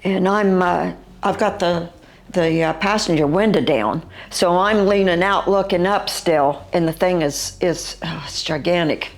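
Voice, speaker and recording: An older woman with a West Virginian accent and a fairly low-pitched voice recalls something she witnessed firsthand. Her telling is halting yet vivid, full of fillers and restarts.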